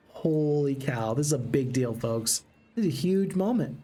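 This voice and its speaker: A man streaming a strategy game, chatting excitedly to his viewers. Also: mid-range voice, moderate pace, soft background music. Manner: excitable, chatty, talks to chat. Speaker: gaming streamer. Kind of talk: live game commentary.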